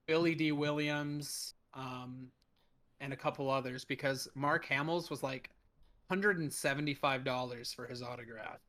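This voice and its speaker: A man's voice: mid-range voice, sharp tone. A man in a casual podcast chat, talking hesitantly with many fillers. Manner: hesitant, filler-heavy talk. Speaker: co-host.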